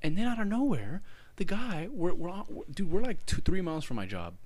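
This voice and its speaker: A man's voice: high-pitched, a little fast. A young man co-hosting a podcast, telling a story in casual chat, swearing freely and acting out what people said. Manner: animated, swearing, acts out quotes. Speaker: podcast co-host.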